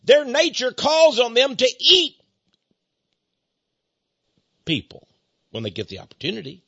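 An older man hosting a radio show, talking in a preachy monologue that swings between hushed asides and emphatic declarations, with frequent chuckles. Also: very high-pitched, huge pitch swings, a little slow, vocal fry, slightly rough, dry recording. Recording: dull lo-fi radio broadcast.

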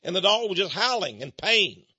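Male radio talk host, high bright husky voice, indignant rants, dull lo-fi sound. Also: big pitch swings, normal speed, no echo. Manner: indignant ranting, swinging between hushed asides and loud outbursts. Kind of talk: opinionated radio commentary.

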